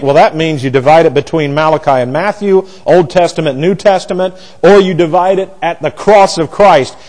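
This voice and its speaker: A man preaching an expository Bible sermon, emphatic, with rhetorical questions and repeated words. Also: poor audio. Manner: animated pitch jumps for emphasis. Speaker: pastor.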